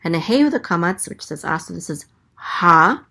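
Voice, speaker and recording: A woman teaching a language lesson, sounding out letters and vowels slowly and carefully, with frequent hesitations. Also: on the low side, lively intonation, gravelly, pushed and bright. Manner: hesitant, many ums, slow careful sounding-out. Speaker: Hebrew teacher. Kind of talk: casual teaching, spelling out letters.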